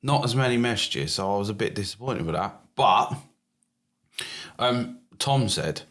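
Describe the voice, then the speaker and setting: An easygoing middle-aged British man co-hosting a podcast. His voice sits somewhat low, and he talks plainly and casually, reading listener messages aloud between chat. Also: animated, unhurried, fairly bright tone. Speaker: podcast co-host.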